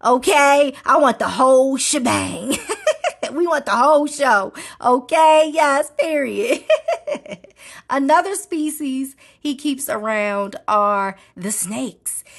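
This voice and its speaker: Woman podcaster chatting loosely, bit high voice, laughs a lot, playful side comments. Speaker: podcast host. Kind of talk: casual podcast chat.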